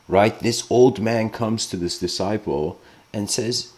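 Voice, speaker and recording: A man's voice: on the low side, takes it slowly, a little mellow. A man giving a casual lecture, rambling and informal with lots of filler words.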